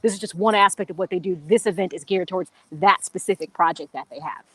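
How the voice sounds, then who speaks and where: A woman's voice: on the low side, quick pace, a bit bright, husky. A woman co-hosting a live sports talk show on location, chatty, with lots of "you know what I'm saying.". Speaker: co-host. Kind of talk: live sports radio chat. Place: golf country club, on location.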